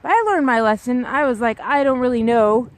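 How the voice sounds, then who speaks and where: A young woman talks to a handheld camera while walking a snowy, muddy trail outdoors. Her voice sits a bit high, and she rambles in a casual, self-deprecating way. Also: brisk, slight background noise. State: upset, close to tears. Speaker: vlogger.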